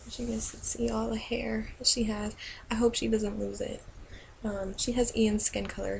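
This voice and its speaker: A young woman talking casually to her camera as a new mother, soft and rambling with many pauses and restarts. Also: on the high side, flat delivery, vocal fry, slight background noise, rough recording. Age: young adult.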